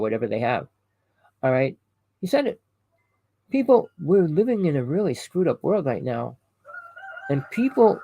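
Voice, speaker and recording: Gravelly man ranting to his viewers. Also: on the high side, darkish tone, dry recording, low-quality recording. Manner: rambling, preachy, with frequent self-corrections; addresses listeners as "people" and asks rhetorical questions. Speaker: online conspiracy commentator. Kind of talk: ranting monologue to camera.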